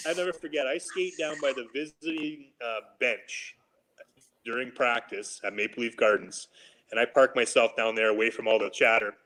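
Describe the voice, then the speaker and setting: A former hockey player in his forties telling animated, casual stories on a podcast and acting out what his coaches said. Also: mid-range voice, rough recording. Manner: animated anecdotes, laughing, quoting coaches. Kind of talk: casual storytelling.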